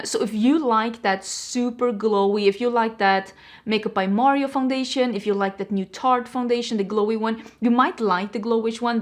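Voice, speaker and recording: A woman vlogger chatting casually about products, rambling with frank opinions, her voice a little stuffy from allergies. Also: a little high. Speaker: beauty vlogger. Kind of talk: casual product review chat. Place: indoors at home.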